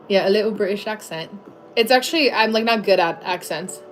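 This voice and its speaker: A woman's voice: medium pitch, animated, a little fast, a little hiss or hum. A woman in her thirties chatting casually on a livestream, answering viewers with lots of fillers and restarts.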